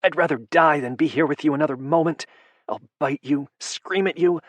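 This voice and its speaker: A man voicing a furious young captive woman with a raspy, shrill voice in an audiobook. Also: fairly quick, fairly bright tone, no room sound. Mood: screaming. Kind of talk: audiobook narration.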